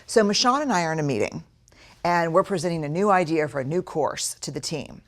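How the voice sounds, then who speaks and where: A woman with a low, grounded voice speaks to an audience, telling candid stories from her working life. She talks frankly and brings them to life by acting out her own inner voice. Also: expressive, brisk. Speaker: speaker on courage and leadership. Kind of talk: storytelling talk to an audience.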